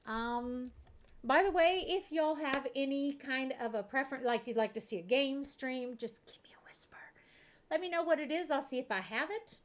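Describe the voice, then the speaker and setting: A woman's voice: high-pitched, moderate pace, slight background noise. A woman from Kentucky, chatting casually and giggling as she streams a life-sim game. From Kentucky, USA. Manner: chatty, giggly, talks to her chat.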